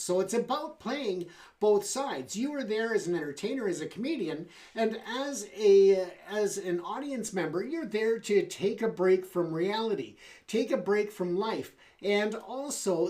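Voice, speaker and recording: A man's voice: high-pitched, a little mellow. Chatty man hosting a talk show. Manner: conversational, with fillers and asides. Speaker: show host. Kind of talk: casual talk show monologue.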